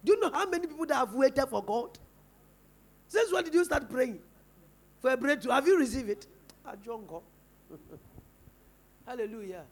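High-voiced emphatic Ghanaian preacher. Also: male voice. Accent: Ghanaian English. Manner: emphatic preaching with questions to the congregation. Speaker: pastor. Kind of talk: sermon. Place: church.

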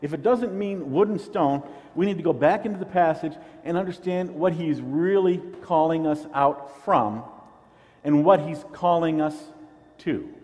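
Earnest pastor preaching in a reverberant hall. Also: male voice, a little high, measured pace, a little mellow. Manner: earnest teaching, repeats words when restarting. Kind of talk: sermon.

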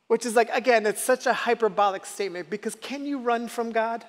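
High-voiced man preaching in an echoey hall. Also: a little fast, hardly any pauses. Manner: conversational, asks the audience questions. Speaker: pastor. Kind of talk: sermon.

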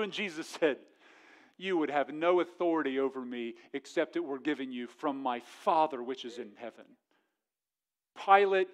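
A man in his thirties preaches a sermon with a notably high-pitched voice. He moves between loud, animated storytelling and hushed, earnest appeals to his congregation. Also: normal speed. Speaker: pastor.

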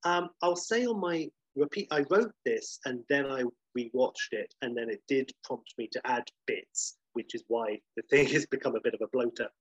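The co-host's husky, medium-pitched voice moves at a normal speed with hardly any pauses as he rambles enthusiastically through casual podcast chat, correcting himself along the way. The recording is dry and low in quality.

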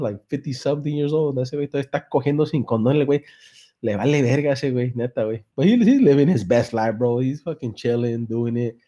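A young man rattles off a story in a loose, profane way, hopping between English and slang. His voice is mellow and warm, sitting in an ordinary middle pitch. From San Jose, California. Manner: profane, laid-back, switching between English and Spanish slang. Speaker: comedian and podcast host. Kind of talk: casual joke-telling on a live podcast.

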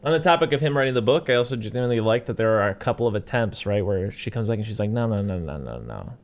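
A man's voice: medium pitch, rapid-fire. A young man casually talking through a movie with a friend, swearing now and then and acting out lines. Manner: relaxed, swears casually, acts out quotes. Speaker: podcast co-host.

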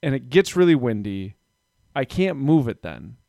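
A man's voice: medium pitch, sing-song, normal speed, gravelly, mellow, no echo, clean studio sound. A man in his thirties chatting casually, rambling through stories about his kids and doing their voices. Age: 30s. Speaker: parent telling stories. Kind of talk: casual chat.

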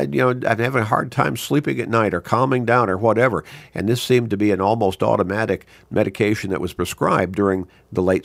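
An older man giving a sermon, slow and deliberate, repeating points for emphasis, with a gravelly voice. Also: lowish voice, no room sound.

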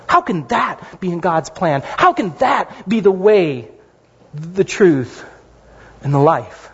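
A middle-aged man preaching a sermon as pastor, conversational and animated, with asides to the congregation. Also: sits high, takes it slowly, breathy edge. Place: church sanctuary. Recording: dull lo-fi sound in a reverberant hall.

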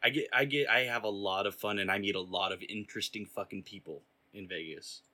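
A low male voice with a bright edge belongs to a man in casual podcast chat. He tells his stories in a wry, offhand way. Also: a little fast.

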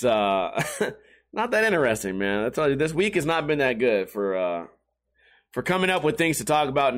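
A man with a high voice for a man, talking off the cuff to his viewers. He rambles and swears freely, bouncing between stories with animated energy. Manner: profane, animated storytelling. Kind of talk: casual rambling chat.

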